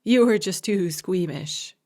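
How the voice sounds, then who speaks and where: A woman reading a fantasy novel aloud as audiobook narrator, giving every character the same gentle reading with only slight voice changes. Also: medium pitch, unhurried. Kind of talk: scripted narration.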